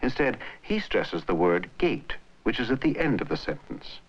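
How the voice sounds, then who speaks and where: A man narrating an educational film in a clear, measured way. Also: medium pitch, big pitch swings. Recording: muffled old film soundtrack.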